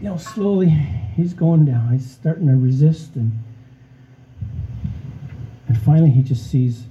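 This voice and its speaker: Male pastor, very warm dark voice, informal preaching, muffled recording. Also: fairly high pitch, animated, measured pace, slight background noise. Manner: conversational preaching, frequent "okay?" and "friends". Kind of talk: sermon.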